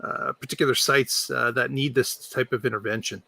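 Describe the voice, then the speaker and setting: Bright-voiced man on a dry mic. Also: medium pitch, steady tone, moderate pace, creaky, dry recording. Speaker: podcast co-host. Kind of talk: casual panel chat.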